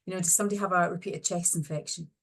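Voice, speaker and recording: A woman's voice: on the low side, steady tone, very fast. A middle-aged woman, a speech and language therapist, presenting an online webinar lecture and walking through slides with practical clinical examples.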